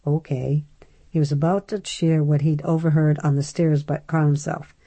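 Low-voiced woman narrating an audiobook. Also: steady tone, normal speed, warm tone.

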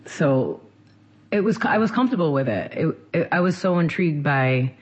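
A man from central Massachusetts, a singer being interviewed, talking casually in quick rambling bursts full of restarts. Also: on the high side, animated, husky.

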